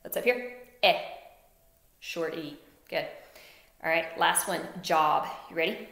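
A woman teaching a phonics lesson to young children, slowly sounding out word parts and praising answers. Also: low-pitched, gravelly, fairly bright tone, echoey room.

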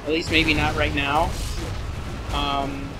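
A man's voice: a little high, flat delivery, slow, sharp tone. A man giving profane, rambling let's play commentary and getting easily frustrated with the game. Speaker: gameplay commentator. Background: game music.

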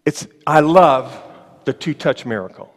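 A man preaching a sermon as pastor, emphatic, slowing on key phrases, with ironic asides. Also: a little high, expressive. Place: church sanctuary. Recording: long church reverb.

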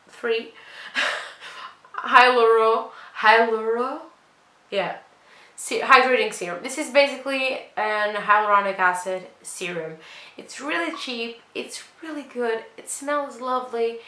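A woman's voice: fairly high pitch, pushed and bright. A woman beauty vlogger reviewing products she has used up, in a chatty, dramatic, self-mocking way. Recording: echoey room with faint noise.

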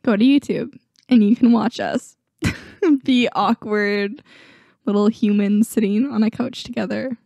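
A young woman co-hosting a casual podcast with her husband, her voice hoarse from a sore throat, laughing often and poking fun at herself. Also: mid-range voice, dark tone, no echo, studio quality. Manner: laughs often, self-deprecating. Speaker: podcast co-host. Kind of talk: casual chat. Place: home, on a couch.

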